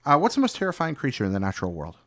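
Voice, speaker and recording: A man hosting a podcast, asking quick questions with animated reactions and rambling a little when he answers. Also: medium pitch, no echo. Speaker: podcast host. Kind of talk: casual interview chat.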